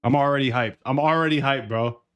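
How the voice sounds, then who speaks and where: A young man ranting casually on a livestream, excitable and profane, often calling listeners bro and dude. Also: medium pitch, fairly quick, clear, resonant tone. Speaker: trading streamer.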